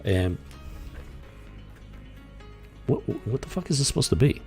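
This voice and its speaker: A man's voice: mid-range voice, very animated, measured pace, pauses often, darkish tone, soft background music. A man hosting a comics review show, reading panels aloud and commenting in a sarcastic, exasperated, rambling way.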